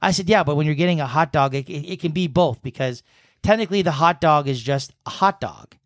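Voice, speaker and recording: A man's voice: fairly high pitch, a little fast, dry recording, clean studio sound. A man from New England hosting a podcast, telling long stories with a rambling, profane manner. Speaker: podcast host. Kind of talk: casual chat.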